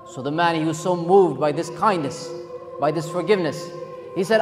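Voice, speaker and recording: A man's voice: a little high, a little fast. A man preaching, retelling a story in an earnest, emphatic sermon. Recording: long hall reverb, faint music.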